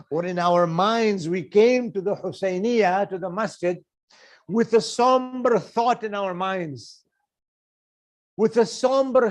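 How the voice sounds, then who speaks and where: A man preaching a sermon, earnest and full of rhetorical questions, acting out everyday conversations. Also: high-pitched.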